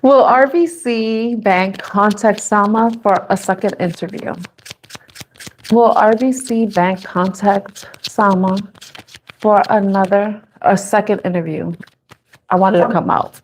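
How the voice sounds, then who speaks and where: A woman doing a casual live-stream tarot reading from her office, playful and giggly, laughing often and repeating each question slowly as she shuffles. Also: medium pitch, steady tone, a little hiss or hum. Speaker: tarot reader.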